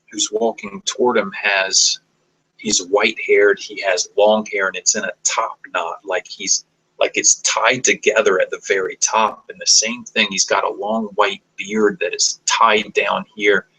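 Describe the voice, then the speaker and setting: Man, improvised storytelling, halting restarts, bright slightly husky voice, lowish pitch. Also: low-quality recording. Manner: halting, searching for words, many restarts.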